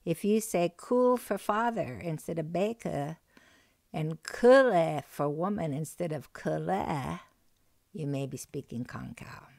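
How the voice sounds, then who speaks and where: A woman teaching a recorded language lesson, speaking slowly and patiently and repeating key words with care. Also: deep voice, expressive, vocal fry, darkish tone, no echo. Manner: slow, careful, patient delivery with repeated phrases.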